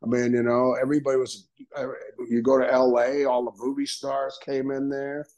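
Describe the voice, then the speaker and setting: A man, a retired wrestler telling animated stories in an interview, acting out voices and laughing often. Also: medium pitch, moderate pace, rough recording. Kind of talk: storytelling interview.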